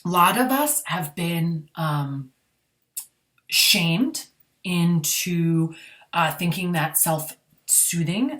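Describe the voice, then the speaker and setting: A woman, an energy healer, giving a gentle, unhurried spiritual talk and often asking "right?". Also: fairly low pitch, expressive. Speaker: energy healer and channel host. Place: indoors.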